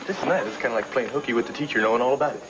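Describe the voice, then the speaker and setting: A man's voice: mid-range voice, rapid-fire, lightly acted. An actor playing a joking, easygoing young man. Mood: playful. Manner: playful, joking. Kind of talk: 1980s TV soap opera acting. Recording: hissy old TV broadcast recording.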